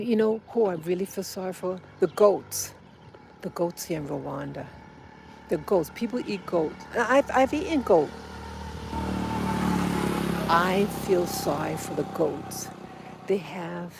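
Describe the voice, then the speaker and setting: Woman, outdoor walking vlog, emotional rambling, low pitch, faint street noise. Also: vocal fry. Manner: rambling, emotional, talks to her little boy. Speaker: vlogger.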